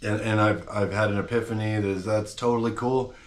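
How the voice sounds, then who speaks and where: Blunt low-voiced man ranting, echoey room. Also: steady tone, brisk. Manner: blunt, slangy, fired-up. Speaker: channel host. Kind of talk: casual rant to camera.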